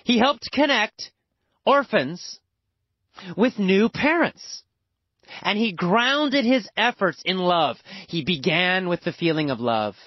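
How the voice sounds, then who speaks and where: A man teaching English by telling a simple story slowly, with exaggerated, repetitive emphasis. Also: no room sound. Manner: exaggerated, repetitive, animated storytelling with big pitch swings. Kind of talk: slow, emphatic storytelling lesson. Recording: dull lo-fi, dry recording.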